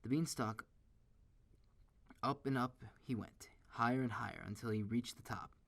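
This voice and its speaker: A man reading a children's story aloud in a steady, expressive way. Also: medium pitch, normal speed, gravelly.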